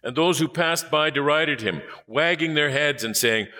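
A man reading scripture aloud in a measured, solemn manner. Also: medium pitch, expressive, sharp tone. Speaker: scripture reader.

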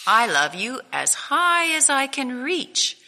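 A woman voicing a small, sleepy young male hare in a storybook, speaking eagerly and higher than her own voice. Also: sing-song, slow pace, bright, forceful tone, exaggerated voice. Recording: echoey hall with long reverb.

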